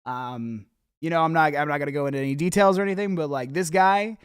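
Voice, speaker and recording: A man's voice: on the high side, fast talker, clear, resonant tone, dry recording, clean studio sound. A young man hosting a rap feedback show, giving candid casual critique with frequent swearing and many ums and restarts.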